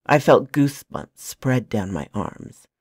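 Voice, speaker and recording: A woman narrating a novel in the first person with a soft, hushed delivery on a close mic. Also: very deep voice, animated, slow pace, breathy edge, dry recording. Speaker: storyteller.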